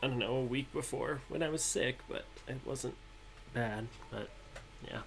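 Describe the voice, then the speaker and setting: A man co-hosting a podcast, joking dryly and then reading his own political poem in a measured way. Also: mid-range voice, gravelly, a little hiss or hum. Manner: dry, teasing, measured when reading. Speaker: podcast co-host and poet. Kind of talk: casual chat and poetry reading.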